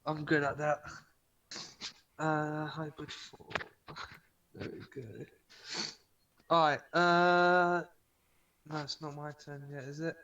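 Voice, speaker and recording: A man's voice: a little high, level tone, slow pace, pauses often, fairly bright tone, muffled recording. An English man playing a tabletop game, exclaiming and easily distracted. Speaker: player. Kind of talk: casual tabletop play.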